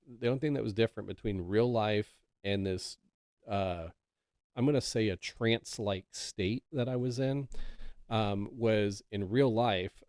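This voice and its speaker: A man's voice: on the low side, creaky, a little mellow, no room sound, studio quality. A man hosting a podcast, telling a personal story in a rambling, conversational way with lots of fillers. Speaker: podcast host. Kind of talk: casual storytelling.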